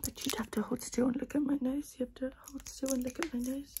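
A woman doing a chaotic whispered role-play, out of breath, repeating quick instructions close to the mic. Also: sits high, flat delivery, noisy background. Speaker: ASMR creator.

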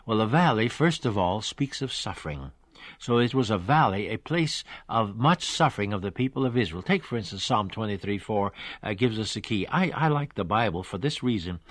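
A man's voice: mid-range voice, dry recording. Earnest male Bible teacher, dry studio. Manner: earnest, explaining verse by verse with emphatic slowed readings.

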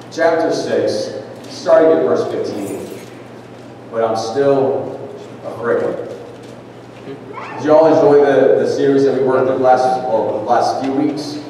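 A man preaching a conversational sermon, reading scripture slowly. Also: medium pitch, darkish tone, slight background noise. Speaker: pastor. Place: large church sanctuary. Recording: echoey church hall from far off.

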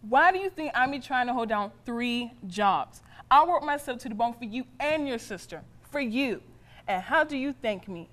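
A woman's voice: a little high, expressive, normal speed, fairly bright tone. An actress playing a stern but loving mother who scolds her teenage son in plain, colloquial speech. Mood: stern scolding. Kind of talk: drama acting.

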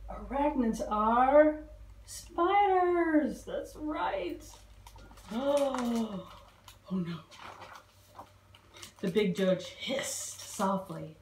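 A woman librarian reading a picture book aloud to young children, expressive and stopping to ask them questions. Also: on the high side, drawn-out words, pauses often, a little hiss or hum. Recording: roomy echo.

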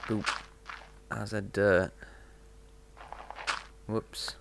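A man giving relaxed, playful commentary on his own gameplay, chatting to himself as he goes. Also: fairly low pitch, very slow, creaky, noisy background. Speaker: gaming video host.

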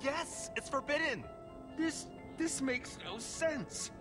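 A skittish townsman who stammers and trips over his words. His voice sits very high and jumps all over the place. Game music plays behind him. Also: lively intonation, takes it slowly, exaggerated voice. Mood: nervous. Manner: stammering, flustered. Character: jittery nervous male townsperson. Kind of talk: video game voice acting.

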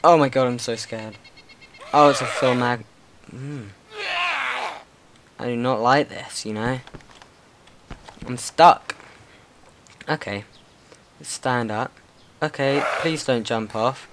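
A man's voice: medium pitch, takes it slowly, long pauses, background noise. Jittery young man rambling over gameplay. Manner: nervous, rambling, talks to the game's zombies. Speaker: gaming channel host. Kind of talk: casual gameplay commentary.

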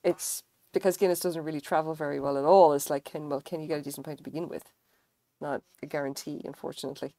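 A woman's voice: low voice, steady tone, fast, dark tone, no echo. A woman with an Irish accent chatting casually on a livestream while she crochets, talking animatedly, swearing freely and using lots of fillers. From Ireland. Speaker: livestream host.

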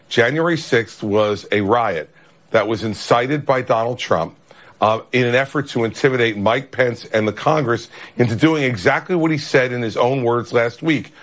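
A man's voice: mid-range voice, normal speed, a bit bright. A man giving a blunt, assertive answer in a broadcast interview. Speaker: political guest.

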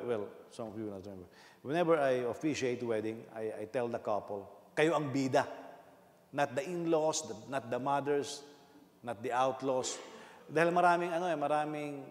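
Filipino pastor preaching in an echoey hall. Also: male voice, medium pitch. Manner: animated, laughing, switching between English and Tagalog. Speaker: senior pastor. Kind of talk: sermon. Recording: echoey hall with long reverb.

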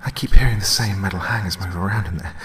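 A man's voice: low voice, fast talker, a bit bright, roomy sound, pitched above the performer's own voice. A man voicing a frightened little boy who pleads breathlessly in a raised voice, in a horror story reading. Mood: timid. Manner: pleading, breathless through gasps. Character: scared little boy at night.

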